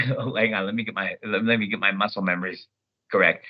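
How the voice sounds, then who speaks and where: A man, a voice actor, chatting as an interview guest and telling stories in an animated way. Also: on the low side, moderate pace, lo-fi sound. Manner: animated, storytelling, jumps into character voices. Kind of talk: casual interview chat.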